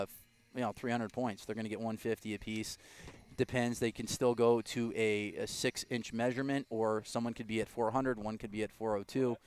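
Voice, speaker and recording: Clear-voiced male sports commentator. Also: fairly low pitch. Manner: relaxed, chatty, with frequent restarts. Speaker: play-by-play commentator.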